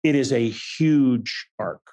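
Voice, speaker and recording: A man who is a guest on an interview show, telling stories in a casual, animated way and acting out other people's lines. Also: mid-range voice, takes it slowly, lo-fi sound. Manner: animated, acts out quoted people. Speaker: guest actor. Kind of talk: casual anecdotal storytelling.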